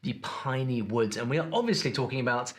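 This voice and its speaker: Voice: mid-range voice, animated, fairly quick. A video narrator reading a playful, punchy script full of folksy quips.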